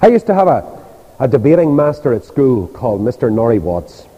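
A man's voice: medium pitch, very animated, brisk, husky. An older man with a Northern Irish accent preaching a sermon, telling stories animatedly and acting out the voices of the people in them. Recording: dull reverberant church hall.

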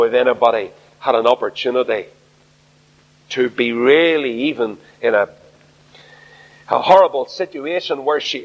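A man's voice: medium pitch, a bit bright. A man preaching an earnest sermon at a Bible study, asking rhetorical questions. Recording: echoey hall, dull lo-fi sound.

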